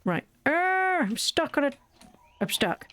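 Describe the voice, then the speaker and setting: A woman's voice: medium pitch, expressive, moderate pace, no room sound. Chatty young woman narrating gameplay. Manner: rambling, self-deprecating, chatty. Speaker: let's play host. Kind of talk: casual gameplay commentary. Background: faint game music.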